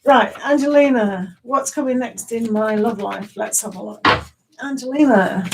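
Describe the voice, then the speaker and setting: A woman's voice: a little high, a little slow, gravelly, far from the mic, heavy background noise. A woman giving live tarot readings in a chatty, giggly way, with many ums and restarts. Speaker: tarot reader.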